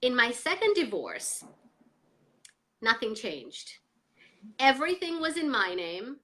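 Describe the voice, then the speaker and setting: Bright, high-voiced animated woman. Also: slow pace. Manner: energetic, emphatic motivational talk. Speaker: interview guest, coach and entrepreneur. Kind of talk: live interview.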